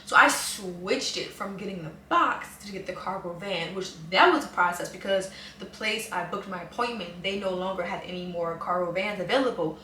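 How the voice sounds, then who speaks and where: At normal speed and with hardly any pauses, a medium-pitched woman in her 20s from New Orleans, USA, delivers an animated, chatty, dramatic storytime vlog. Her camera mic catches a roomy echo and faint hum, and she sits a bit off-mic.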